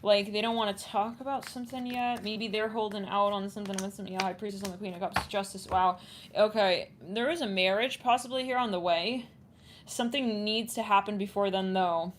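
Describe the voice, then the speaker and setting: A woman gives a casual tarot reading, thinking aloud in a chatty, rambling way that often trails off and starts over. Her voice sits at an ordinary middle pitch. There is clear background noise with some clicks. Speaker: tarot reader.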